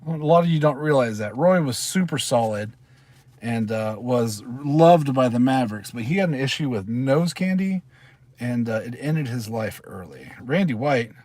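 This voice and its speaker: A man's voice: medium pitch, expressive, normal speed, a little mellow, no echo. A middle-aged man hosting a casual live stream from his parked car, chatting and rambling as he reads out names. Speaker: channel host.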